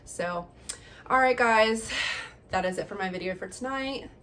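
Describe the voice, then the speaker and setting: A woman's voice: medium pitch, measured pace, a bit bright. Chatty woman vlogger. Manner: candid and chatty, with frequent laughs and fillers. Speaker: vlogger, mother. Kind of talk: casual personal vlog talk.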